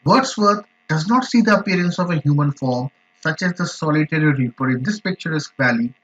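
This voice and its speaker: Man teaching slowly and emphatically, lo-fi. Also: fairly high pitch, lively intonation, fairly bright tone. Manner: slow, emphatic explanations with repeated examples. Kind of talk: explaining a poem in an online class. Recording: dull lo-fi recording.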